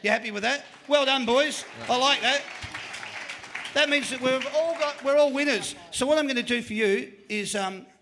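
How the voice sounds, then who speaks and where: A man's voice: very high-pitched, normal speed, a crowd in the background, background noise. A man with an Australian accent hosting a live panel show, running a quiz with upbeat jokes. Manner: upbeat, joking quizmaster. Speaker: host. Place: live venue.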